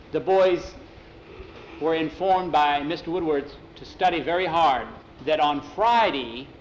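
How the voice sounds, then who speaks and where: A man's voice: a little high, roomy sound. A man telling a story in a homespun, meandering way. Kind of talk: oral storytelling. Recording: dull lo-fi recording with faint noise.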